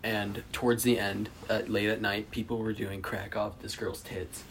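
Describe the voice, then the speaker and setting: Lower-voiced young man, sheepish and laid-back. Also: flat delivery, normal speed, background noise. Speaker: podcast co-host. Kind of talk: casual chat.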